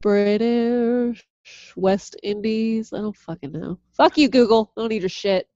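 A woman co-hosting a podcast in casual chat, loud and profane, laughing a lot. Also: medium pitch, expressive, fairly quick, dry recording, muffled recording. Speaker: podcast co-host.

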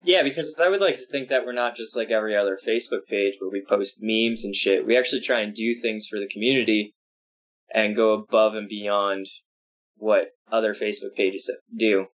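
A man's voice: on the low side, fairly quick. A young man co-hosting a casual podcast chat in an earnest, easygoing way. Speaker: podcast co-host. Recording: dull lo-fi call audio.

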